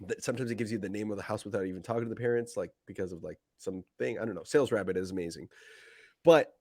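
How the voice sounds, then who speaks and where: Podcast host, man, lowish voice, laid-back chat with lots of fillers, dry close sound. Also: racing, a little mellow, no echo. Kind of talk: casual chat.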